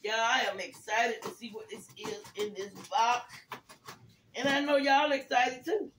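An older woman hosting a casual gift-opening vlog, thanking viewers warmly and praising God, calling everyone y'all. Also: fairly high pitch, unhurried. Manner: religious, praising God often; grateful, calls viewers y'all. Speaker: vlogger. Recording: echoey room, far from mic, faint noise.

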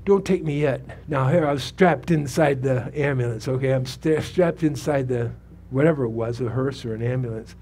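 A man's voice: mid-range voice, moderate pace, few pauses, dark tone, slight background noise. Older man preaching, conversational testimony. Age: 70s. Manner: conversational preaching, asks the congregation questions. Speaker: pastor. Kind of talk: sermon with personal testimony. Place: church sanctuary.

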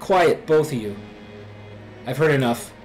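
A man's voice: a little high, animated, a little slow, faint music behind, low-quality recording. A man reading the lines of a stern female doctor in a video game, curt and clipped.

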